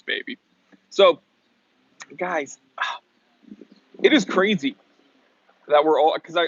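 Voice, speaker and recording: A man's voice: a little high, fairly bright tone, dry recording, highs cut off. A man hosting a casual livestream outdoors, chatting and greeting viewers as he reads their comments aloud. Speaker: livestream host. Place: outdoors in the shade.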